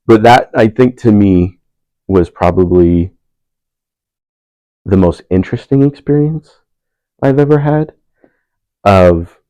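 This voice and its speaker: A man's voice: lowish voice, slow pace, pauses often, mellow, no room sound, rough recording. A young man on a panel telling a personal story in a laid-back, self-mocking way, laughing often. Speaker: panel speaker.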